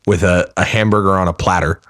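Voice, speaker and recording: A man's voice: low-pitched, fairly even intonation, a little fast, a bit bright, dry recording, studio quality. A man co-hosting a podcast in casual chat, jokey and swearing freely. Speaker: podcast co-host.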